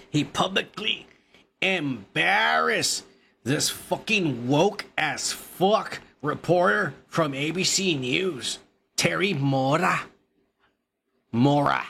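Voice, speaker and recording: A man delivering a profane, mocking commentary rant with sudden loud outbursts. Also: on the high side, animated, slow, creaky, slight background noise. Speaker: commentary vlogger.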